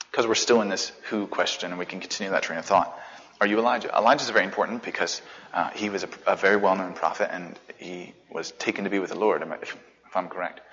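A man with a fairly low voice explains scripture in a relaxed, chatty way, circling back to repeat key phrases. His voice rings with a long hall reverb. The sound is dull and lo-fi. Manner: conversational, repeats phrases for emphasis, many fillers. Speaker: Bible study teacher. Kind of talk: casual scripture teaching.

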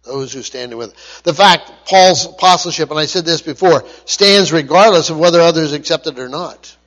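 A man with a notably high voice delivers a sermon. He stumbles and restarts, then hammers home phrases by repeating them again and again. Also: normal speed, a bit bright, low-quality recording. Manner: emphatic repetition, frequent restarts and stumbles. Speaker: preacher.

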